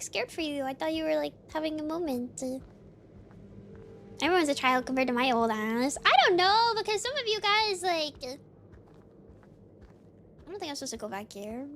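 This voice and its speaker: A woman live-streaming a game and talking back to her chat in a quick, giggly way. Her voice sits high and swings widely up and down as she reacts. The tone is casual and animated throughout. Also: slight background noise.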